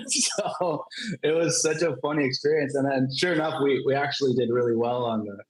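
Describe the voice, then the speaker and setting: A man spins a casual story with lots of "like" and frequent laughter. His voice sits at a middle pitch. The room around him rings with a noticeable echo. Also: quick pace. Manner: animated storyteller, laughs often, many "like" fillers. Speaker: comic creator, panel guest. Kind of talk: casual anecdote on a virtual panel. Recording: roomy echo.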